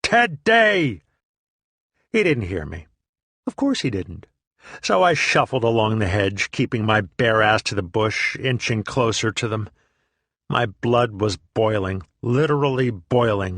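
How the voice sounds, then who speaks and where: Low, sardonic male memoir reader. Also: fairly bright tone, no echo, clean studio sound. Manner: profane, sardonic and self-deprecating. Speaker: audiobook reader. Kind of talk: first-person memoir narration.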